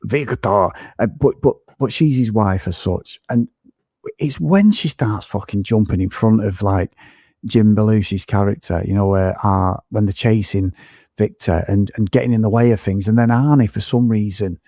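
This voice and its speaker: A podcast co-host with a low, gravelly voice and a dark, mellow tone. He rambles excitedly and swears freely, restarting his sentences as he talks about the film. The sound is dry and close. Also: normal speed, no room sound. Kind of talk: casual film review chat.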